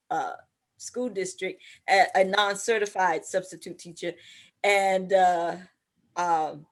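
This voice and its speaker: A woman hosting a talk show, agreeing with her guest and sharing her own story in a relaxed, colloquial way. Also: medium pitch. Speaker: host. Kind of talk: casual conversation.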